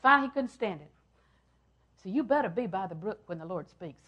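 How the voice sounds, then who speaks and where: An older woman preaching a sermon, repeating phrases for emphasis and swinging from loud, emphatic lines down to hushed ones. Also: mid-range voice, lively intonation, fairly quick, muffled recording.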